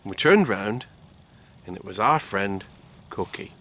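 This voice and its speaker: A man's voice: on the low side, lively intonation, a little slow, a bit bright. A man telling rambling stories outdoors in the woods, chuckling and repeating words as he goes. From United Kingdom. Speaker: outdoor vlogger. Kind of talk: casual storytelling to camera.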